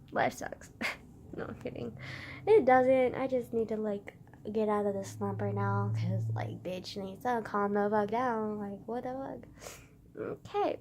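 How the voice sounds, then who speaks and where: A woman's voice: medium pitch, slow pace, long pauses, darkish tone, slight background noise. A young woman vlogging into her phone camera, tearful after crying, laughing through it and swearing casually. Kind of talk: emotional confessional vlog.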